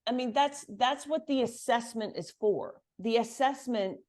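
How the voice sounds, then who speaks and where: A woman coaching business owners on pricing and sales, talking in a brisk, emphatic, confident way. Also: fairly high pitch, darkish tone. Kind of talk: coaching call.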